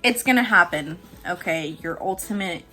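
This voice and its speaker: A woman giving a casual tarot reading who is excitable and jumps between hushed, low talk and squealing laughter. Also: moderate pace, faint music behind. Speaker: tarot reader.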